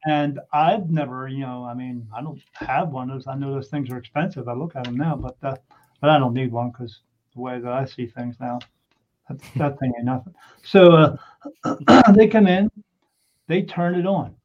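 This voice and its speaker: A man casually telling a personal story in an animated way, swearing freely and often restarting his sentences. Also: mid-range voice, moderate pace. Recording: dull lo-fi recording.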